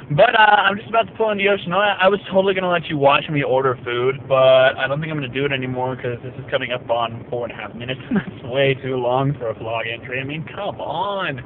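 A man's voice: mid-range voice, expressive, fast, a little hiss or hum. A man talking casually to his viewers while driving, rambling and joking at his own expense, his voice a little worn. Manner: rambling, self-mocking, jokey asides. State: slightly worn voice. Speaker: vlogger. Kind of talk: casual vlog monologue. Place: inside a car while driving. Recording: tinny phone-like car recording.

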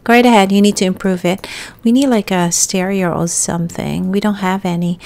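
A woman's voice: mid-range voice, fairly quick, creaky. Young female let's-player, casual chatty commentary, talks to her sim and viewers. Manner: chatty, talks to her character and viewers, bursts into excited yelps. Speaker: gaming YouTuber.

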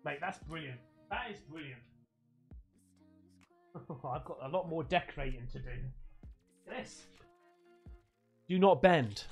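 A man's voice: fairly high pitch, takes it slowly, gravelly, long pauses, a little mellow, faint music behind. A man from England chatting casually on a livestream while opening fan gifts, swearing freely and laughing often.

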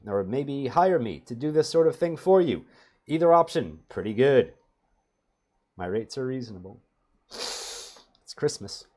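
A middle-aged man, working as a database performance trainer, walks through a tutorial on a screen share. His voice sits a little high with a warm tone, and he keeps things casual, full of sardonic, self-deprecating humor.

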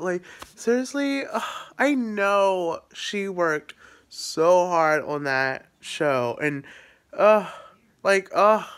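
A man's voice: high voice, fairly bright tone. Rambling young man vlogging. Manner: rambling, filler-heavy, laughs at himself. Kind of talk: casual emotional vlog talk.

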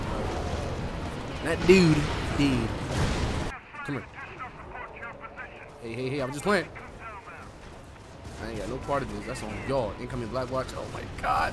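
Young man, gameplay commentary, animated pitch, playful, shouty, game sounds behind. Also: very noisy. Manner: loud, playful, swears freely, shouts at the game. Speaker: gamer streamer.

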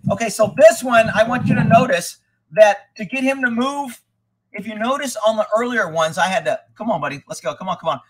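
Blunt, husky horse trainer man. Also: high voice, a little fast. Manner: blunt and rambling, swears freely. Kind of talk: live commentary on riding footage.

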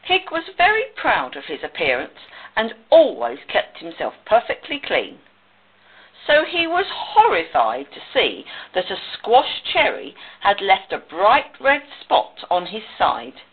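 A woman reads a children's picture book aloud, slowly and with very animated, swooping intonation. Her voice is a little husky. The audio is narrow and tinny, like a phone line. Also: mid-range voice. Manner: slow, expressive storytelling. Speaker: storyteller.

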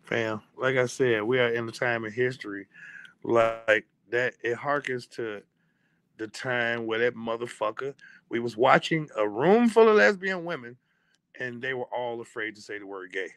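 A man's voice: medium pitch, normal speed, a bit bright, no room sound. A man co-hosting a podcast with a laid-back manner and wry asides. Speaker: podcast co-host. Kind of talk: casual podcast chat.

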